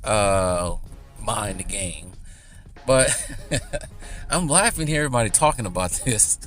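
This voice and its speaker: A man's voice: on the low side, expressive, a little slow, fairly bright tone, soft background music. A man rambling casually in a commentary vlog, chatty and often laughing. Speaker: YouTuber.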